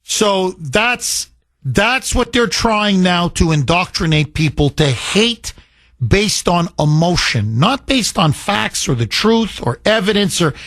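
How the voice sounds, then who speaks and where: A male talk radio host with a high, expressive voice speaks slowly with a slightly bright tone, recorded at studio quality with no room sound. He takes calls from listeners in an opinionated monologue, emphatic and sarcastic, mocking opponents with sing-song voices.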